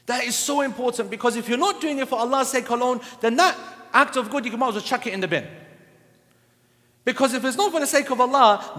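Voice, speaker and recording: Male lecturer; high-pitched, blunt, teasing scolding tone, echoing hall. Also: sharp tone. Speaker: Islamic lecturer. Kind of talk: sermon lecture.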